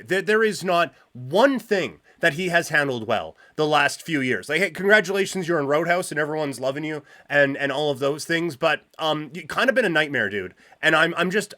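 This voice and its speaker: A man's voice: on the high side, pushed and bright. A man hosting a solo podcast, ranting in an exasperated way and often restarting his sentences. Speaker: podcast host.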